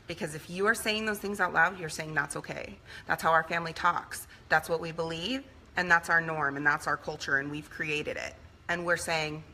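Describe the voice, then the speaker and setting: A woman's voice: lowish voice, bright, forceful tone, slight background noise. A woman in her thirties giving a conversational motivational talk in an earnest, personal way. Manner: earnest, conversational, acts out quoted voices. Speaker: speaker.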